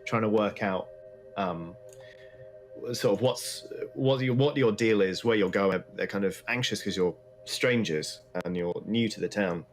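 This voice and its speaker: A man's voice: on the low side, unhurried, soft background music. A man narrating as dungeon master in a casual, hesitant way. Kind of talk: narrating a tabletop game.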